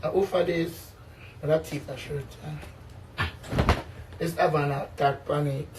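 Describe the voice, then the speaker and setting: A man's voice: fairly high pitch, fairly even intonation, measured pace, background noise. A man from Jamaica with a Jamaican accent, ranting casually to his viewers in a brash, boastful way, swearing often. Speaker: vlogger. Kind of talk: casual rant to camera.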